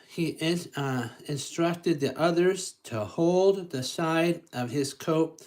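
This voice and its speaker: A storytime reader reading a picture book to young children, slow and halting, with stumbles and asides. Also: medium pitch, a little mellow, rough recording.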